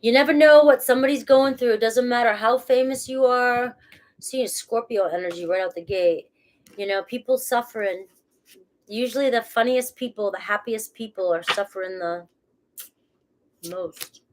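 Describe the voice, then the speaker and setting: A woman's voice: on the high side, normal speed, background noise. A woman with a cold, a tarot reader who gives a casual, rambling reading and laughs at herself as she talks. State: has a cold.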